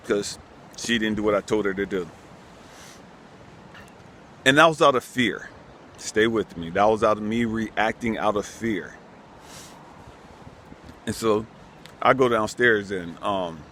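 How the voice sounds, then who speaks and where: A man's voice: medium pitch, a bit bright. A man hosting his own channel, telling a personal story in a casual, earnest way that turns emphatic as he gets worked up. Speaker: channel host. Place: outdoors on a breezy day. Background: wind and outdoor ambience.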